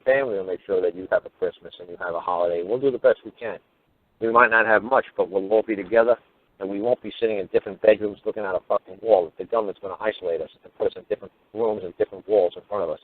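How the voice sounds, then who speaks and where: A man's voice: lowish voice, fairly even intonation, rapid-fire. A man giving a profane, heated radio monologue as a talk show host. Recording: phone-line radio audio.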